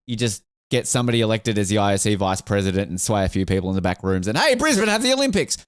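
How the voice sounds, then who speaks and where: A man co-hosting a podcast in casual, animated chat, joking often. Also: on the low side, fast, smooth, no echo, studio quality. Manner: animated, jokey, slips into silly quoted voices. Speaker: podcast co-host.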